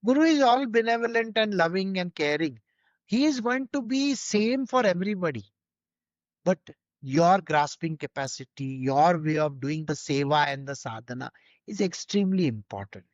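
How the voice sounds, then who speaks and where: A woman's voice: lowish voice, animated, normal speed, no echo. A woman, a spiritual teacher explaining her teaching earnestly in a conversation. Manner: earnest, explanatory, with Sanskrit terms and frequent "you know". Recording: dry, slightly dull sound.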